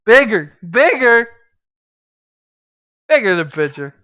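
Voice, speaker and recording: A man voicing a huge, dim-witted and loyal male ogre soldier who talks slowly in simple, broken phrases. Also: high-pitched, sing-song, pushed and bright, dry recording, studio quality, pitched above the performer's own voice, exaggerated voice. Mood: friendly. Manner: slow, simple broken speech.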